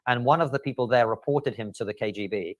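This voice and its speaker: Man, quick earnest storyteller, dry close sound; podcast guest. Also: mid-range voice, no room sound. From Soviet Union. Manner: fast, earnest recounting with frequent fillers. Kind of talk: interview clip, storytelling.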